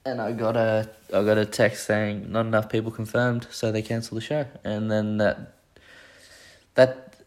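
A man's voice: on the low side, flat delivery, unhurried. A young man hosting a podcast, rambling casually with plenty of swearing and self-deprecating asides. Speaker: podcast host. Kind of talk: casual solo chat.

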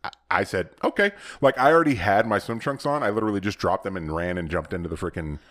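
A man's voice: fairly low pitch, quick pace, a bit bright, slight background noise. A young man co-hosting a podcast in casual chat, rambling through stories and laughing often. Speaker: podcast co-host.

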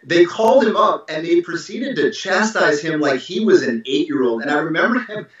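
A middle-aged man casually telling a story about his marriage, animated, with emphatic asides and restarts. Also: fairly high pitch, moderate pace, recorded from a distance. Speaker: husband telling their story. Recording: very echoey room, dull lo-fi sound.

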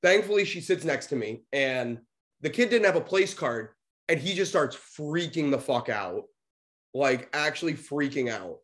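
A young man on a podcast he co-hosts tells a story in no hurry, his voice on the high side. He's casual and animated, swearing liberally and performing the voices of the people in his tale.

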